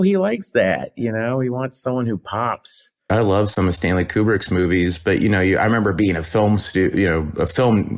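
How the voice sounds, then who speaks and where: A middle-aged man, an actor and comedian, chats casually as a guest. His voice sits very low, and he rambles, restarting sentences and laughing as he goes. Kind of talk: casual anecdotal chat.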